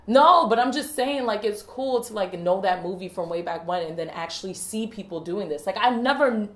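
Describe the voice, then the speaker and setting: A woman co-hosting a podcast in casual chat, talking in an animated way with lots of fillers and laughter. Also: mid-range voice, normal speed. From West Indies. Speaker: podcast co-host. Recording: echoey room.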